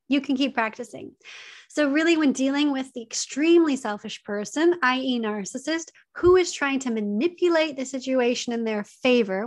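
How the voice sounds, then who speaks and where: Earnest woman giving advice, slightly high voice. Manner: earnest, repeats key points, conversational fillers. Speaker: advice speaker on emotional abuse. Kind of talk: direct-to-camera advice talk.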